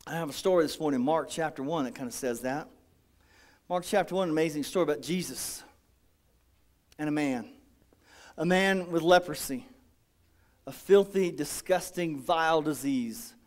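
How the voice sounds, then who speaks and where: High-voiced pastor preaching animatedly. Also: male voice, moderate pace, long pauses. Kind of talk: sermon.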